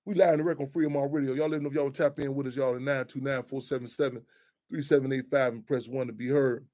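A man hosting call-in radio talk, animated and profane, rambling with frequent restarts and repeated words. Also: mid-range voice, fast. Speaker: radio show host.

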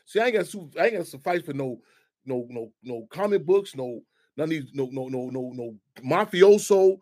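A man hosting call-in radio talk, animated and profane, rambling with frequent restarts and repeated words. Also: a little high. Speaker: radio show host.

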